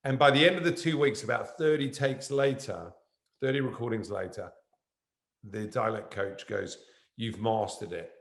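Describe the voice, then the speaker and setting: A man's voice: medium pitch, normal speed, creaky, roomy sound. A man, an actor as guest, telling a rambling anecdote on stage that jumps around. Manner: animated, jumps around in the story. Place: university event room.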